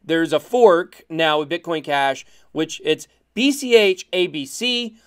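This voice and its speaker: A man co-hosting a casual podcast chat, excitable and laughing, explaining things at length. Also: fairly high pitch. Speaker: podcast co-host.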